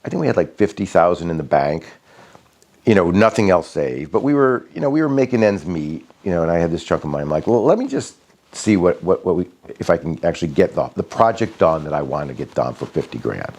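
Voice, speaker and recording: A man's voice: sits low, fairly quick. A middle-aged man telling a rambling, casual story about his backyard, with many fillers and restarts. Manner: rambling, many fillers and restarts, animated when quoting others.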